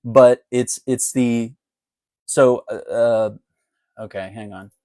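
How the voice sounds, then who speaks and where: A man's voice: medium pitch, fairly even intonation, slow pace, a little mellow, dry recording. A man doing a casual live chat about politics, talking in a loose, conversational way with frequent laughs. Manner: chatty and conversational, laughs often. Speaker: political commentator.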